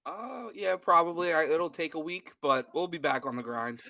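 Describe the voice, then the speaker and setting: Young male guest, laid-back and easygoing, bright tone, dry close mic. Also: a little high, moderate pace, vocal fry, no echo. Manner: relaxed, laid-back, short replies. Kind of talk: casual chat.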